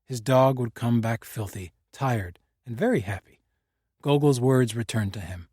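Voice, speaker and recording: A man narrating a mystery audiobook in a measured, even manner. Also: mid-range voice, slightly rough, dry recording, clean studio sound. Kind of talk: scripted narration.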